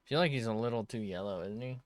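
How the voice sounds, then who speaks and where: A man's voice: on the low side, fast, dry recording. A man streaming himself drawing, muttering to himself in casual commentary, swearing often and joking at his own expense.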